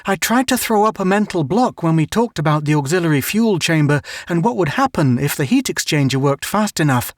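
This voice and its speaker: A man's voice: a little high, animated, a little fast, few pauses, no echo, clean studio sound, lightly acted. A man doing an earnest young boy.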